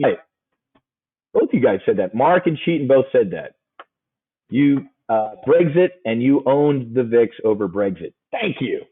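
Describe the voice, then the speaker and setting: A man's voice: medium pitch, slightly rough. A man coaching an options-trading webinar in a brash, joking, casual way. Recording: tinny phone-like audio.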